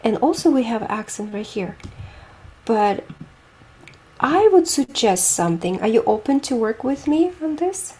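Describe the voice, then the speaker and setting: A woman's voice: fairly high pitch, very animated, a little slow, darkish tone. A woman teaching a group piano lesson, explaining technique with images and asking students questions.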